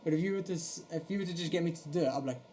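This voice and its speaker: A man's voice: fairly high pitch, very fast, mellow, a little hiss or hum. A man from Portugal co-hosting a podcast in casual chat, rambling, swearing a lot and laughing often. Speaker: podcast co-host.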